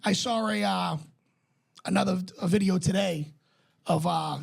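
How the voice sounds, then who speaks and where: A man co-hosting a casual podcast, telling animated stories, acting out movie quotes and swearing freely. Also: high-pitched, normal speed, creaky, breathy edge. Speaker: podcast co-host. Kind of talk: casual chat.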